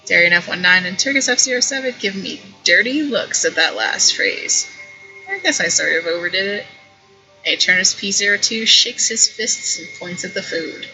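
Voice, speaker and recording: A woman's voice: mid-range voice, expressive, normal speed, bright, forceful tone, faint music behind, poor audio. A woman reading an interactive story game aloud, wry and playful, commenting as she reads. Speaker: streamer playing an interactive story.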